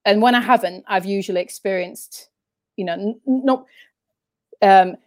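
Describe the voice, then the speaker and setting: A woman's voice: mid-range voice, moderate pace, a little mellow, no echo. A woman with a northern English accent, telling stories as an interview guest in a rambling, chatty way that keeps restarting sentences. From northern England. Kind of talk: casual interview chat.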